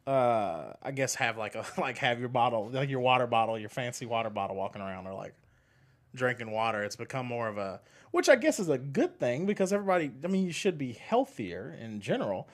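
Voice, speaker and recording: A man's voice: medium pitch, very animated, brisk. A man co-hosting a podcast in casual chat, laughing often and cursing freely. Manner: laughs often, loose and profane. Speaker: podcast co-host.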